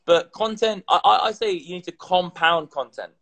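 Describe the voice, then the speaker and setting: A man chatting casually on a livestream, tipsy and animated, swearing and repeating himself as he talks. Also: high-pitched, normal speed, low-quality recording. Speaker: crypto content creator.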